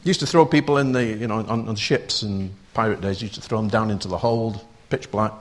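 A man's voice: lowish voice, fast talker. A man preaching a sermon, talking conversationally and putting rhetorical questions to his listeners.

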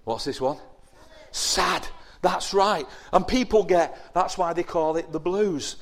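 A man giving a lively children's sermon, asking the young listeners questions and acting out whiny voices. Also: high-pitched, slow pace. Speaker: preacher giving a children's talk.

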